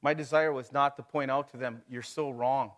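A man's voice: medium pitch, fairly even intonation, normal speed. A middle-aged man preaching a sermon to his congregation, talking it through casually, with rhetorical questions and chuckles. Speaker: pastor.

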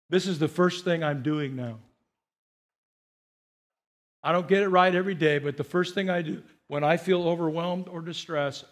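Animated high-voiced male preacher. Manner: animated, swings from quiet asides to loud emphatic preaching. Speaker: pastor. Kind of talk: sermon.

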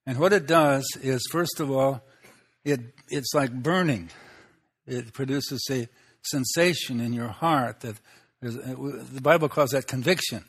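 A man preaching a sermon, teaching in an unhurried way, pausing often and asking the listeners rhetorical questions. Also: medium pitch, fairly bright tone, slightly rough.

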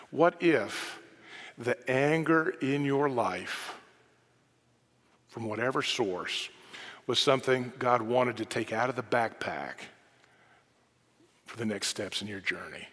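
A man's voice: mid-range voice, lively intonation, slow. Man preaching in a reverberant hall. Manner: conversational preaching with shifts between soft asides and emphatic quotes. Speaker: pastor. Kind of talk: sermon.

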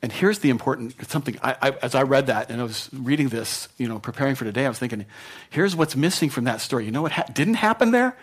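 A man's voice: mid-range voice, animated, fast, breathy edge. A man pastor preaching a sermon in a conversational way, repeating words and often checking in with the congregation.

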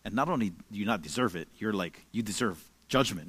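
Laid-back young pastor, low voice, dry sound. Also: male voice, brisk, husky, no echo. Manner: relaxed storytelling with many fillers. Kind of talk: casual conversational sermon.

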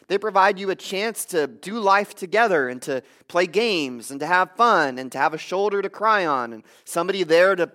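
A male pastor delivers an earnest, conversational sermon from a church stage. His voice sits a little higher than most men's, and he often restarts his phrases as he goes. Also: sharp tone.

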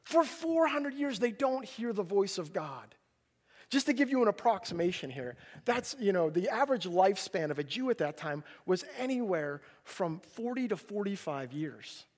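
A male pastor preaching a sermon, telling a personal story with animated delivery and acting out his own panicked voice. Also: high-pitched.

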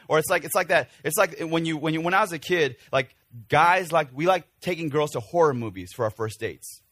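Man in his forties, animated sermon, bright forceful tone, dry close sound. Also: mid-range voice, no room sound. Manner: animated, acts out scenes with shouts. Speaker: pastor.

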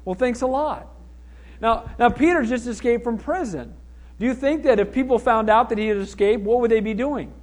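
A man preaching a sermon as pastor, animated and acting out the voices of people in the story. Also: very high voice, fairly quick.

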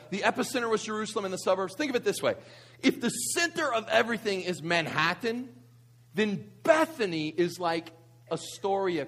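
A man's voice: high voice, husky. A man, preaching a conversational sermon full of rhetorical questions and asides. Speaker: pastor.

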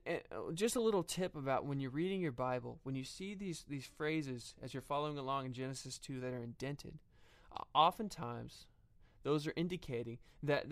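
A man preaching a sermon earnestly, often pausing with fillers and restarting his phrases. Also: a little high.

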